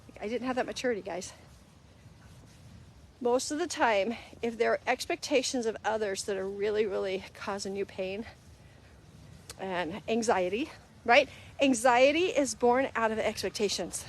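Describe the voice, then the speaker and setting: A woman's voice: a little high, normal speed, slight background noise. A middle-aged woman hosting a casual live-stream talk, earnest and conversational, acting out little quoted exchanges as she goes. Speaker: host.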